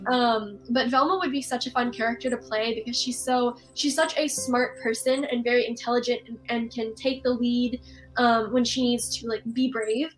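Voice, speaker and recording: A young woman with a high, bright-sounding voice talks eagerly about her acting dreams. She is bubbly and earnest, laughing easily between thoughts, and comes through a remote video call. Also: fairly even intonation, moderate pace, faint music behind, low-quality recording. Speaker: actress and voiceover artist, interview guest. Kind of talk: casual interview answers.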